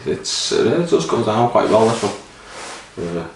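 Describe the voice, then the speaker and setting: A man's voice: lowish voice, big pitch swings, a little slow, a little hiss or hum. A man rambling casually and swearing while reviewing a beer, a little sleepy. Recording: roomy echo, mic at a distance.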